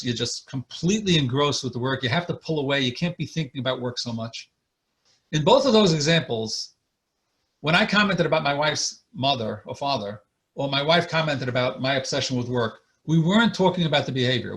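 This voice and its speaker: A man of middle pitch lectures earnestly on marriage as a therapist, his voice coming through a video call. He talks in a plain, conversational way and stops often to act out short examples of couples talking. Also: vocal fry, a bit bright. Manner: earnest, explains with acted examples. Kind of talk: online lecture.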